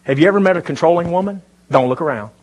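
Husky-voiced male preacher. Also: on the high side, very fast. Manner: conversational preaching with rhetorical questions to the congregation. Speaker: pastor. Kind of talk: sermon. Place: church before a live congregation.

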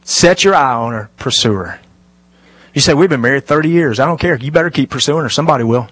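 A middle-aged man preaching a sermon, animated and lively, dropping to hushed, intimate asides. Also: medium pitch, fast, no echo. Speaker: pastor.

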